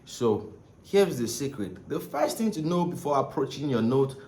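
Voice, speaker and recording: A man's voice: mid-range voice, sing-song, normal speed, dark tone, faint music behind. A man giving a casual spoken saxophone lesson, rambling and repeating himself, often checking in with "right?" and "okay?". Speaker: saxophone teacher. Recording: echoey room with faint ambient noise.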